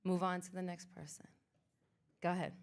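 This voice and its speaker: A woman, a motivational speaker, reciting a slow, emphatic spoken-word piece and then leading a live audience through a participation exercise at a museum event. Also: lowish voice. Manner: slow, emphatic poetic delivery, then lively and playful with the crowd.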